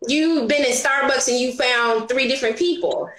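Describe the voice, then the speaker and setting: A woman guest on a business talk show, chatting casually and acting out quotes in an animated way. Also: high-pitched, normal speed. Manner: animated, acts out her own and others' quotes with laughs. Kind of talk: casual interview chat. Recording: roomy echo.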